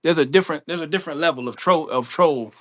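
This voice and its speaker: A man co-hosting a casual livestream, talking in a relaxed, conversational way and repeating words when he cuts in. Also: a little high, quick pace.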